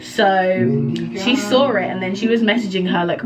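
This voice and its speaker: A woman's voice: medium pitch, normal speed. Chatty young woman vlogging. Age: young adult. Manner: chatty, gushing, lots of "like" fillers. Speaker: university student vlogger. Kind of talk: casual vlog chat to camera. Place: kitchen in student accommodation, indoors. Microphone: handheld camera or phone. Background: music playing under the voice.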